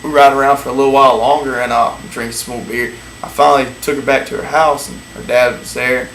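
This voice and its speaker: A man spins a crude, profane date story in a relaxed drawl, often breaking into laughter at his own punchlines. His voice rings in an echoey room with a faint hiss under it. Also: mid-range voice, fast talker, gravelly.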